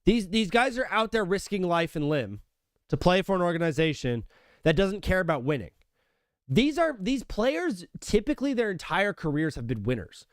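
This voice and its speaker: A man's voice: high voice, very animated, normal speed, no room sound, studio quality. A young man hosting a live sports talk stream, talking casually and animatedly, often calling people brother and dude. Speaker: sports talk show host.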